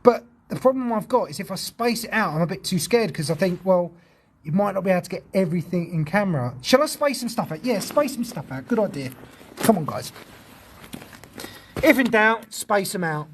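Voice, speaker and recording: A man's voice: high-pitched, animated, fairly quick, a little hiss or hum. A man chatting casually on a ghost-hunting livestream, talkative and jumpy, swearing when startled outdoors.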